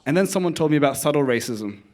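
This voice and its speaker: Australian man doing deadpan stand-up. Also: a little high, fast. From Canberra, Australia. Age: 20s. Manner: deadpan, drops into put-on voices for his dad. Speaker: stand-up comedian. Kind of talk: open-mic stand-up set. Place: comedy club stage.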